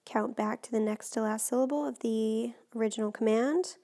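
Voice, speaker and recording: A woman teacher walks through Spanish grammar in a recorded lesson, patient and methodical. Her voice sits a little high and often drops into a gravelly fry. She sounds close to the microphone. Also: fairly even intonation, normal speed, dark tone. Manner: patient, step-by-step explaining.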